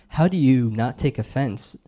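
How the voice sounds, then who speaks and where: Mellow-voiced man preaching a sermon. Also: medium pitch, lively intonation, a little slow. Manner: conversational, asks the crowd questions.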